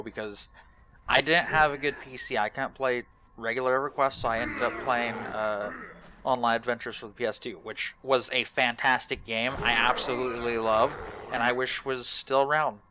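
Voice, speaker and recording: A man's voice: medium pitch, steady tone, moderate pace, background noise. A young man giving casual, rambling gaming commentary, hesitant and self-deprecating. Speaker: let's play host.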